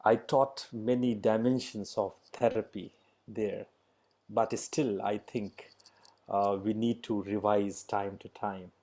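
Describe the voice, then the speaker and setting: A middle-aged man leading an online yoga class, speaking slow, halting English with many pauses and fillers. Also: fairly low pitch, steady tone, mellow. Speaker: yoga teacher.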